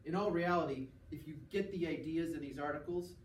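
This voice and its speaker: A man's voice: on the high side, fairly quick. A man teaching a class, explaining step by step, checking in with the students and acting out small examples. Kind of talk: classroom lecture. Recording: echoey classroom from far off, faint noise.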